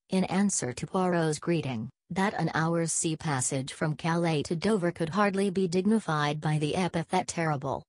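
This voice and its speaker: A woman reading an audiobook narration in a measured, even storytelling manner. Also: sits low, no room sound. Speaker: audiobook reader. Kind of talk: scripted narration.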